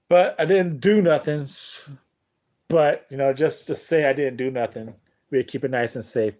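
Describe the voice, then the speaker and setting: A man's voice: mid-range voice, dark tone. A young man telling a long, profane, rambling story in casual talk to camera on a boxing talk show.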